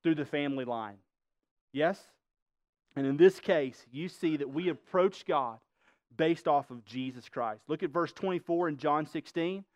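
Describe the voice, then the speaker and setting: A man's voice: a little high, a little slow, no echo. A male pastor preaching a sermon, emphatic, quizzing the congregation with rhetorical questions.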